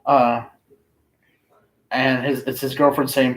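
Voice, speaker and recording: On a rough recording, a man casually reads his own fiction aloud in a medium-pitched voice. His reading is unhurried and flat, and he occasionally pauses to find his place.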